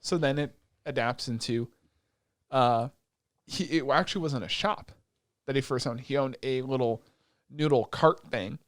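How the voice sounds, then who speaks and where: A man's voice: medium pitch, measured pace, dry recording, clean studio sound. A man co-hosting a podcast, casually retelling an anime plot with acted quotes and swearing. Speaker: podcast co-host. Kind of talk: casual chat.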